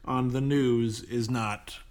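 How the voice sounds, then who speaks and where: A man co-hosting a podcast in casual conversation, animated, laughing often and restarting sentences. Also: mid-range voice, slow. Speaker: podcast co-host. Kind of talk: casual chat.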